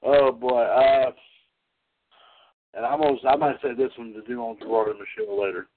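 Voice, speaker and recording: A man hosting a casual wrestling podcast, talking haltingly with lots of fillers and easy laughs. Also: mid-range voice, steady tone, slight background noise. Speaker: podcast host. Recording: tinny phone-line sound.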